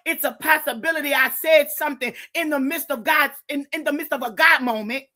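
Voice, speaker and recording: A fervent woman preacher delivers an impassioned sermon in a high, bright voice. She keeps circling back to exclamations to God and breaks into shouts as the spirit rises. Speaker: Christian preacher and show host. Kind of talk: impassioned sermon-style exhortation.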